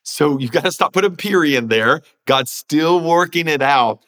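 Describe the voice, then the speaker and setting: A man's voice: fairly high pitch, expressive, normal speed, fairly bright tone. A pastor and author, a man, talking earnestly in an interview and now and then acting out inner voices as he makes his point. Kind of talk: conversational preaching.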